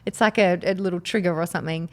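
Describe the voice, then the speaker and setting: A woman's voice: on the low side, fast. A woman with an Australian accent, chatting casually as a guest and laughing often. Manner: lively, laughs often, restarts words. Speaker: guest, actress and poker host. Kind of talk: casual chat.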